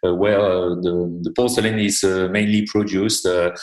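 French-accented male guest, hesitant and filler-heavy, slightly low, echoey room sound. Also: steady tone, a little mellow. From France. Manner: halting, many "uh" fillers and restarts. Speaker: company CEO guest. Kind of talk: conversational interview. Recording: roomy echo.

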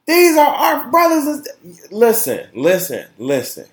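A man hosting his own podcast, talking in an impassioned, profane way, repeating words and swinging from loud outbursts to quiet asides. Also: very high voice, wildly swooping pitch, unhurried, reverberant. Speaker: podcast host. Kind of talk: casual opinion podcast monologue.

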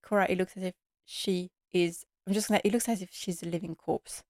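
A woman podcast host recapping a sad episode while tearful, speaking in an emotional, halting way. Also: fairly low pitch, fairly even intonation, darkish tone, no room sound, studio quality.

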